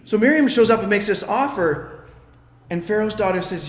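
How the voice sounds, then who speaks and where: A man's voice: high voice, animated, normal speed, reverberant, big-room sound. A man preaching a sermon, telling a story and acting out the characters' lines.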